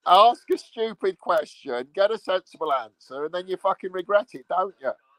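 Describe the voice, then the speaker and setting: A man's voice: sits high, expressive, normal speed, fairly bright tone, dry recording, rough recording. A man ranting casually in a rambling, sweary, mocking way. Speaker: vlogger. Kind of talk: casual profane rant.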